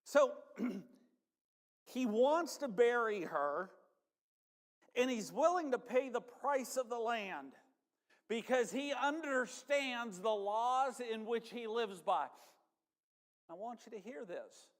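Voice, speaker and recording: A male pastor preaches in a slow, unhurried way, with folksy asides to his congregation. His voice sits high for a man. The sound rings with the long reverb of a church sanctuary. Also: animated. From northern United States. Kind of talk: sermon.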